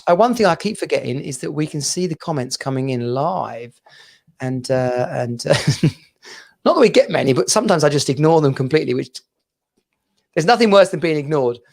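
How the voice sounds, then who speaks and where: Gravelly, chatty English podcast host. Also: male voice, a little high, expressive, normal speed, darkish tone. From England. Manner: chatty, laughing, bouncy banter. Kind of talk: casual chat.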